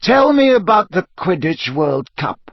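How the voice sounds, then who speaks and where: An elderly, wise wizard headmaster speaks quietly and gently, as a man reads him, his pitch a touch above the narrator's. He asks his questions in a measured, soft way. The audiobook-style recording is dry and dull. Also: sing-song, dry recording, exaggerated voice. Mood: calm.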